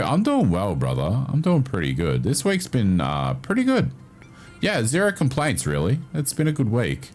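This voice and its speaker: A man's voice: fairly low pitch, huge pitch swings, moderate pace, soft background music. A man livestreaming, chatting casually with his viewers and reacting to their messages with laughs and swearing. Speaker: livestreamer reading chat.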